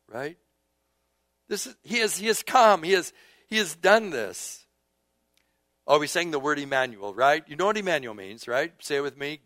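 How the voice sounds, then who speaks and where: A male pastor preaching, his voice sitting a little higher than most men's. He reads scripture aloud, drops to a hush, then rises into emphatic phrases. The sound is dry and close, with no room echo. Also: normal speed. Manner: call-and-response with the congregation. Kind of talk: sermon.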